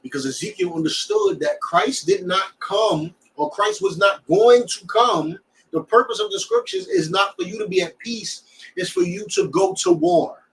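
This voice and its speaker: A man teaching a scripture class in an animated way, often checking that his students understand. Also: very high-pitched, moderate pace, creaky, distant mic, poor audio.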